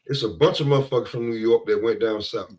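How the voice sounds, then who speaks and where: A man's voice: medium pitch, fast talker, over a noisy crowd, low-quality recording. A man co-hosting a sports talk podcast, ranting in a loose, profane way and leaning on "bro". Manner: profane, rambling, heavy on "bro". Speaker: podcast co-host. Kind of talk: casual trash-talk chat.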